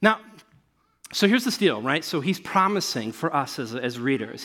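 A middle-aged male pastor preaching a sermon, animated, often asking his listeners rhetorical questions. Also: medium pitch, breathy edge.

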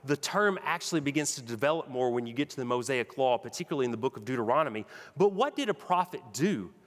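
A man's voice: medium pitch, lively intonation, fast, in a large hall. A man preaching a sermon with emphatic, rhythmic delivery. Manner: emphatic preaching, builds to repeated punchy phrases. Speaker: pastor.

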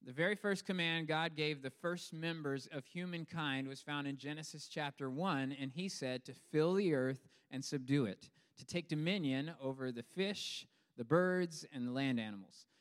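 Man, pastor, sermon, smooth resonant voice, long hall reverb, humorous preaching. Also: a little high, moderate pace, hardly any pauses. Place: church hall.

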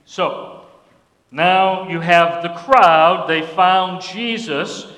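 A man's voice: sits high, bright, forceful tone. A man preaching a sermon as pastor, folksy and emphatic, repeating his points. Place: church sanctuary. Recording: echoey hall reverb.

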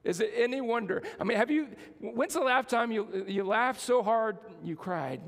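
A man's voice: sits high, lively intonation, normal speed, fairly bright tone, long reverb tail. A man preaching a sermon as pastor, building emphasis and calling on the congregation to respond.

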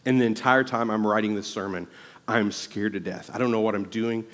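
Low-voiced pastor guy preaching, earnest storytelling, long church-hall echo. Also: fairly even intonation, a little fast. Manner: storytelling, earnest, builds to loud emphatic preaching. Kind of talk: sermon.

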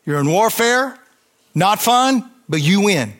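A man preaching a sermon, fervent, with call-and-response and swings between loud emphasis and quiet intensity. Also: sits high, lively intonation, slow.

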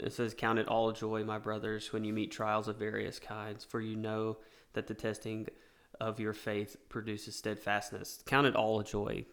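Earnest guy with a smooth lowish voice talking faith on a podcast. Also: a bit bright. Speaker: co-host. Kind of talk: casual Bible discussion.

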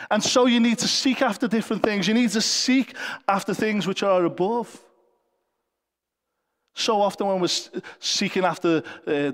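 High-voiced male preacher in a reverberant hall. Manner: earnest, conversational, with light jokes. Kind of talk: sermon. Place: church service.

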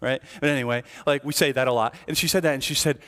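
A middle-aged man preaching in a church sanctuary, his voice trailing off into a long hall reverb. He talks to the congregation like a conversation, checking in with them and acting out the voices of people he describes. His pitch sits in an ordinary male middle range. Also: steady tone, fast talker, a bit bright. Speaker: lead pastor. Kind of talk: sermon.

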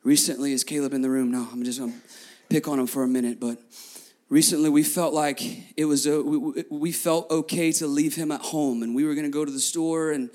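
Pastor guy in his 30s preaching, high voice, tells stories, keeps talking to the crowd. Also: fairly quick. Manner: lively storytelling, repeats phrases, talks to the crowd. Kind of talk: sermon. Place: church before a congregation.

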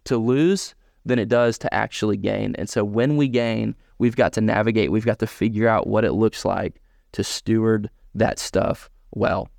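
Conversational pastor preaching. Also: male voice, lowish voice, moderate pace, creaky, darkish tone, no room sound, clean studio sound. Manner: conversational, often asking "right?". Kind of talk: sermon.

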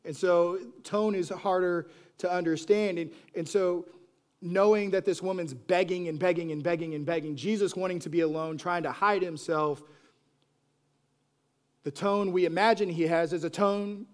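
Animated, fairly high-voiced male preacher. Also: moderate pace. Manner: swings from soft, hushed lines to loud animated bursts; acts out quoted voices with pleading repetition. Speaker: pastor. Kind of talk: sermon.

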